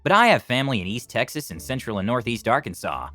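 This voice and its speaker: A man's voice: mid-range voice, big pitch swings, quick pace, pushed and bright, faint music behind. A man reading reader-submitted stories aloud as scripted narration.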